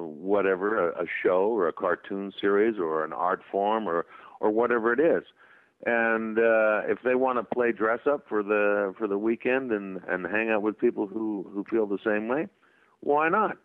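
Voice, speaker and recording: A man being interviewed as a guest actor, telling anecdotes in a casual, animated way. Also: lowish voice, moderate pace, no echo. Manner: animated anecdotes with voiced quotes and laughs. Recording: tinny phone line.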